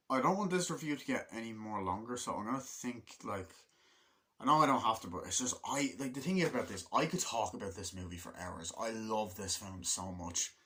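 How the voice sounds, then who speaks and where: A male vlogger gives a casual, profane, rambling movie review in a fairly low voice with a bright, forceful edge. He's excitable, swears often and leans on fillers like "like," acting out film lines in quick put-on voices.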